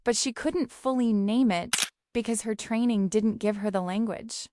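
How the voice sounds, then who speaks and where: A woman's voice: fairly high pitch, moderate pace. A woman giving scripted narration in short, emphatic, dramatic phrases. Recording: clear background noise.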